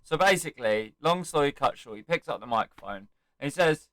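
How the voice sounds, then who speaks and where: Young guy, fan recap, animated storytelling, smooth voice, dry close mic. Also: medium pitch, brisk, dry recording, rough recording. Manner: animated storytelling, acts out quotes and chants. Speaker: wrestling fan vlogger. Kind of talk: excited casual recap.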